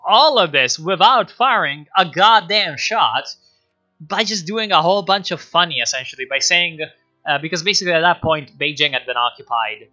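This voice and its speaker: Brief: a swearing, rambling male streamer with a very bright voice, recorded on dull lo-fi stream audio. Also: a little high. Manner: rambling, profane, animated. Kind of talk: casual livestream history commentary.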